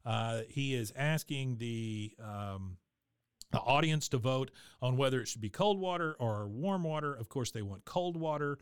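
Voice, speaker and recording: Guy on a podcast rambling through a cartoon recap, smooth clear voice, dry close mic. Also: medium pitch, expressive, a little slow, no echo. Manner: rambling, filler-heavy, acts out quotes in goofy voices. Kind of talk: casual chat.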